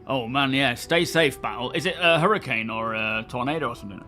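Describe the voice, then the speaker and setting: Thirties man, mid-pitched, easygoing chat-reading streamer, faint music behind. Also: brisk, bright, forceful tone. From England. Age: 30s. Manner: chatty, greets viewers by name, friendly banter. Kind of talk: casual live-stream chat.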